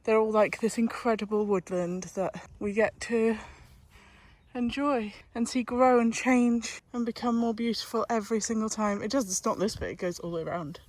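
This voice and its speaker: A woman's voice: on the high side, fairly even intonation, moderate pace, darkish tone. A young mother chatting casually to camera in a home vlog, thinking aloud and talking to her baby in a sing-song voice.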